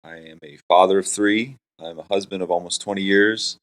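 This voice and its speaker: Joking deep-voiced man from Florida. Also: steady tone, brisk. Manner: joking, self-deprecating, playful. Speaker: Christian hip hop artist and pastor. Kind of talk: casual interview chat. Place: hotel room.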